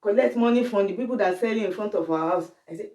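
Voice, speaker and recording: Middle-aged Nigerian woman, Yoruba first language, lively storyteller, echoey room. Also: mid-range voice, fast. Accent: Nigerian English. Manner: animated storytelling, acts out voices, laughs while telling. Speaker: storyteller guest, the host's mother. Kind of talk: candid family conversation. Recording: roomy, distant mic.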